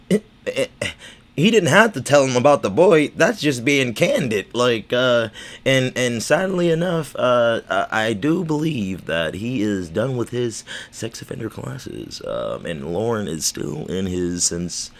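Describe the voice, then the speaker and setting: Stammering, slurring man rambling casually. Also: lowish voice. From United States. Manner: stammering, repeats words, swears casually. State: slurring speech. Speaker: livestream host.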